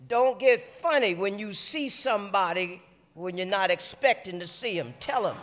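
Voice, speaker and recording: A man preaching a sermon to a congregation, shouting his exhortations. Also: high-pitched, animated, moderate pace, slight background noise. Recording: echoey church hall.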